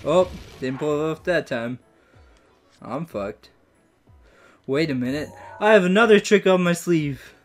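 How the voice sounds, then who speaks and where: Excitable, swearing game commentator, lively pitch. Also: a little slow, long pauses, faint music behind. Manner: excitable, swears a lot, goofy self-mocking. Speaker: gaming YouTuber. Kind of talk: let's play commentary.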